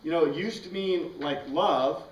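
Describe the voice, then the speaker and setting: A man leads a Bible class in an easy, conversational way, tossing questions to his students as he goes. His voice sits a bit high. He is picked up from across an echoey room. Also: measured pace, distant mic. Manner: conversational, asks the class questions, frequent "right?". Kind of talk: informal classroom lecture.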